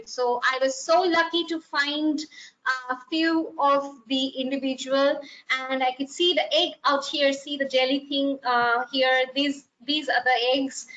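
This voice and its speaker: A woman's voice: high-pitched, fairly bright tone. A woman giving an unscripted wildlife slide talk, hesitant with many fillers and restarts. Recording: muffled, lo-fi online talk audio.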